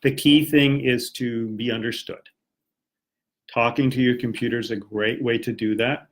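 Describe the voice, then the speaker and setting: Husky American man teaching English. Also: mid-range voice, fairly even intonation, moderate pace. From United States. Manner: casual, encouraging, talks while reading comments. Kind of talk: live-streamed lesson. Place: home, Japan.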